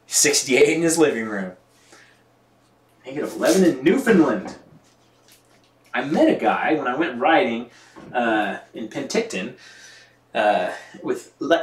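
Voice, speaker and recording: A man's voice: medium pitch, a bit bright. Chatty laughing man in an echoey room. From United States. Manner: chatty, laughs often, reads out viewer comments. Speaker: mountain bike vlogger washing his bike on a live stream. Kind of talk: casual live-stream chat.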